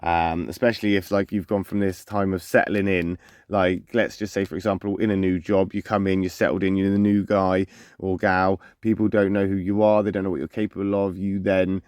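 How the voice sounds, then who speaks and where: Low-voiced man giving a casual zodiac reading. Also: flat delivery, brisk, darkish tone, clean tone, no echo, clean studio sound. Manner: conversational, loose, repeats phrases and restarts often. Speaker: zodiac reading channel host.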